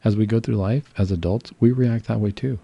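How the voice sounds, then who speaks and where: A man speaking as a psychiatrist in a calm, reassuring, explanatory way. His voice is very dark and gravelly with a husky edge. The sound is dry and close. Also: lowish voice, fairly quick, no echo, lo-fi sound. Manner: calm, reassuring, explains patiently with fillers and restarts. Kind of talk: casual educational talk.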